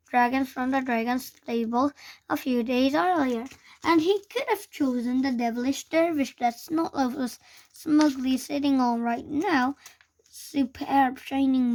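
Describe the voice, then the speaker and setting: A woman reading a children's book aloud in a halting way, stumbling and restarting words. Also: high voice, a little mellow. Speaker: reader.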